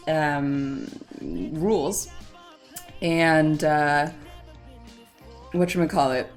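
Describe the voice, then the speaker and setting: A woman hosting a game livestream in casual chat, flustered and awkward, greeting viewers with giggles. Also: deep voice. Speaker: livestream host.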